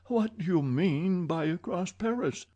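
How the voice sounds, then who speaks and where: Audiobook role: a man doing an urgent young aristocrat, higher and louder than the reader's own voice, mellow tone. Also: lively intonation, measured pace, lo-fi sound. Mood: desperate. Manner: urgent, pleading, raised voice. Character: young nobleman, frantic and impassioned.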